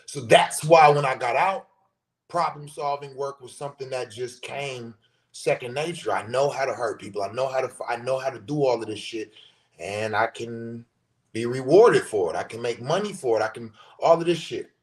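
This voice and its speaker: A middle-aged man in casual, profane storytelling on a podcast, animated and acting out what people said. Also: mid-range voice, moderate pace. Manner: profane, animated storyteller who acts out quotes. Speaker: podcast host.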